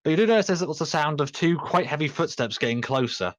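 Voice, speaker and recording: A man's voice: on the high side, animated, fast talker, dry recording, muffled recording. A man acting as game master, narrating a tabletop game in a loose, rambling way.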